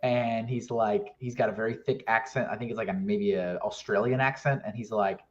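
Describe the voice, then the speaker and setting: A man joining a casual stream chat over a remote call, his voice sounding dull and lo-fi. He tells stories with animated energy and tosses in quick asides. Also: lowish voice.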